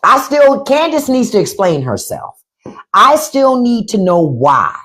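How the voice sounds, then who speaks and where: A woman hosting a casual livestream, talking bluntly and profanely with animated delivery. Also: a little high, unhurried. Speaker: podcast host on a livestream.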